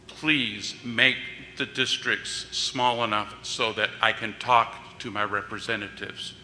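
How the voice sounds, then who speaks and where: A man from Georgia giving measured public testimony with a touch of dry humor. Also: mid-range voice, sharp tone, a little hiss or hum. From Georgia, United States. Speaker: public commenter. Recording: reverberant hearing room.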